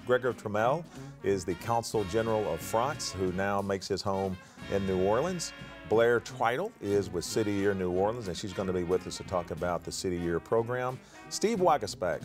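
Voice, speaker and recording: A man from Louisiana hosting a local TV interview show in a friendly, folksy manner. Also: fairly low pitch. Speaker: host.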